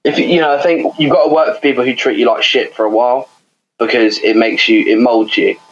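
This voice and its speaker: A man's voice: mid-range voice, fairly even intonation, fast talker, dull audio, slight background noise. A young man, co-hosting a podcast in casual chat, rambling and laughing with lots of fillers. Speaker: podcast co-host.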